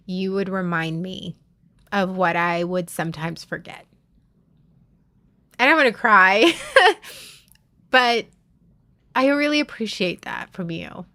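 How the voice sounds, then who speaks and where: A woman's voice: on the low side, fairly bright tone. A woman live streaming, talking candidly and heartfelt with her viewers, often restarting her sentences. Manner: confiding, swears casually.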